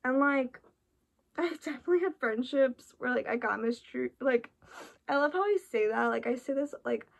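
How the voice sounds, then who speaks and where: A woman's voice: high voice, animated, normal speed, creaky. A woman chatting in a casual, rambling way, full of restarts and "like", sounding tired and emotional. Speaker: vlogger reacting to an album.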